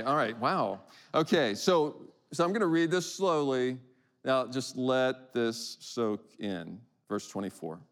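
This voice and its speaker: A man preaching a sermon in a conversational way, with frequent restarts and slow, emphatic verse readings. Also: mid-range voice, clean tone. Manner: rhetorical questions to the congregation. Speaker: pastor.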